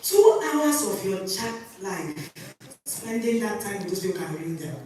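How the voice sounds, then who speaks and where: A woman's voice: medium pitch, very animated, unhurried, a little mellow. A woman speaking to an audience about parenting, emphatic and laughing between points. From Nigeria. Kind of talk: lively talk to an audience, telling stories. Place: conference hall. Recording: echoey hall from far off.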